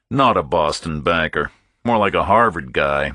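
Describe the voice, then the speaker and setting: A male audiobook narrator with a very deep, husky voice, reading a first-person thriller in a laconic, matter-of-fact way. His pitch moves a lot, and he reads slowly. The sound is close and dry. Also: lively intonation, sharp tone, no echo.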